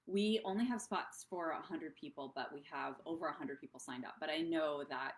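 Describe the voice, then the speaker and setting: A woman's voice: low voice, fairly quick, echoey room, a little hiss or hum. A woman coaching other business owners on a live stream, talking in a bubbly, rambling way that drifts off track. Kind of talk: casual live-stream talk.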